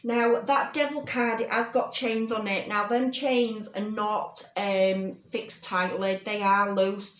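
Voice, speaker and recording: A woman giving a personal tarot reading, talking gently and reassuringly with many fillers and check-ins. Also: medium pitch, roomy sound, a little hiss or hum. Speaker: tarot reader.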